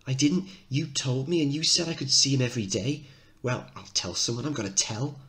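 Man putting on a frantic mother, raised pitch, sharp scolding. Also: fairly quick, lightly acted. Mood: panicked. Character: poor working-class mother, anxious and sharp-tongued.

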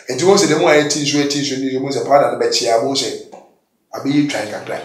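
A man giving a candid testimony in an interview, swinging between loud, emphatic bursts and low mutters. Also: fairly even intonation, fast talker, slight background noise. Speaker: guest giving a confession testimony. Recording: echoey room, distant mic.

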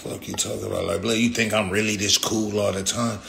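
A man's voice: lowish voice, level tone, fairly quick, creaky, fairly bright tone, a little hiss or hum. A man ranting on a livestream in a profane, confrontational way. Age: adult with young kids. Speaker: rapper streaming live. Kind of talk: livestream rant.

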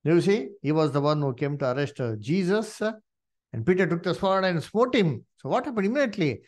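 Animated preacher with a lively voice. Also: male voice, fairly high pitch, a little fast. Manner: animated, many "you see" and "uh" fillers; addresses listeners as "dear brethren". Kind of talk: Bible study sermon.

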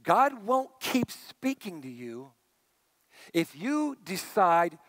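A middle-aged male pastor preaching a sermon in a conversational way, dropping to a hush and then rising to emphatic points. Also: high-pitched, very animated, slow, dry recording. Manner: conversational preaching, swinging between hushed and emphatic.

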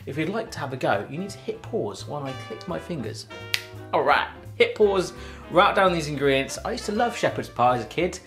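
A man's voice: on the high side, sing-song, brisk, a bit bright, soft background music. A British man hosting a home cooking tutorial in his kitchen, chatty and playful with jokey asides. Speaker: cooking show host.

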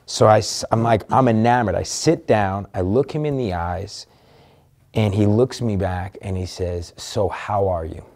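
A man's voice: on the low side, measured pace, darkish tone. A man telling a candid personal story as an interview guest, earnest and emotional, swearing casually.

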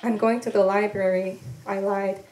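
A woman from Korea recites her poetry in a measured, deliberate way, her pitch staying level and even. She pauses between lines and drops into soft, tentative asides between poems. The voice rings in an echoey live event room. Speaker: poet reading her work. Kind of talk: poetry reading. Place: event room at a literary venue.

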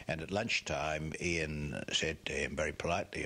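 Very deep-voiced older New man. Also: fairly even intonation, a little slow, hardly any pauses, sharp tone, husky. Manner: rambling, full of asides and fillers. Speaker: former cricketer recalling a tour. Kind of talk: anecdotal storytelling.

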